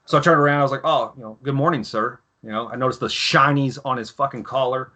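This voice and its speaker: A man in his thirties, a former Marine guest, telling profane, animated stories in casual podcast chat. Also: mid-range voice, fast.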